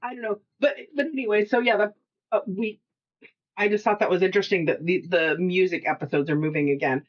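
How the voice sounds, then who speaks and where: A woman's voice: lowish voice, brisk. A woman co-hosting a podcast in casual chat, rambling from topic to topic with frequent laughs and restarts. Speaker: podcast co-host. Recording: dull lo-fi podcast audio.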